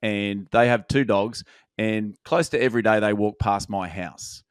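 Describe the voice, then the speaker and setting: A man's voice: on the low side, steady tone, unhurried, clear, resonant tone, no room sound, clean studio sound. A man hosting a podcast, steering the talk and telling self-mocking stories. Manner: chatty, self-mocking storyteller. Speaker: podcast host. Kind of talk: casual podcast chat. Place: Sydney home.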